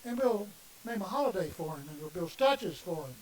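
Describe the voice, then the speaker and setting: A middle-aged man delivers an impassioned sermon in a notably high voice, pressing his points with emphatic rhetorical questions. He sits well back from the microphone, and a faint hiss runs under the recording. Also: big pitch swings, fast talker. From Southern United States. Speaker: minister. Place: congregation meeting room. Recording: distant mic with faint hiss.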